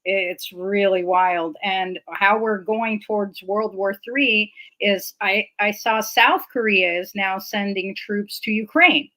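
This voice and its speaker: A woman's voice: medium pitch, slow pace, few pauses, pushed and bright, rough recording. A woman co-hosting a casual political livestream, earnestly making her case point by point. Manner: earnest and argumentative, builds points in a row. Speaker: livestream co-host.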